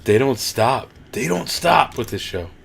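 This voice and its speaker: A man hosting a live watch-along stream, reacting with excitement, gasps and laughter. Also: medium pitch, a little slow, gravelly, slight background noise. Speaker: livestream host.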